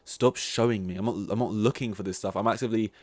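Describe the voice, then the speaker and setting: A man's voice: on the low side, steady tone, fast talker, no room sound. A young man hosting a solo podcast, ranting in a rambling, exasperated way and swearing often. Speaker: podcast host.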